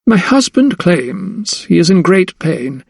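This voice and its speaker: A woman's voice: lowish voice, flat delivery, fairly quick, gravelly, mellow, dry recording, studio quality, voice pushed up. A man reading aloud, voicing a haughty, sneering woman of the house. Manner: cold, scornful.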